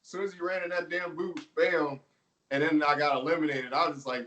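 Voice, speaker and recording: Male pro wrestler guest, relaxed and chatty, laughs a lot, a bit off-mic. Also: on the high side, a little fast, recorded from a distance, rough recording. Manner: laid-back storytelling, laughs often, filler words. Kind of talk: casual interview chat.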